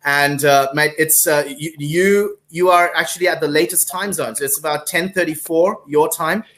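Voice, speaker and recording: A man's voice: fairly high pitch, normal speed, fairly bright tone. A man hosting a live-streamed panel over a video call, effusive and repeating his words and thanks as he welcomes guests. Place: Singapore.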